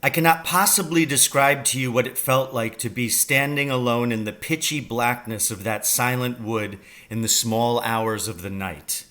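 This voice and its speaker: A man reading a children's novel aloud, telling the story slowly and deliberately. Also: mid-range voice, sharp tone. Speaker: reader.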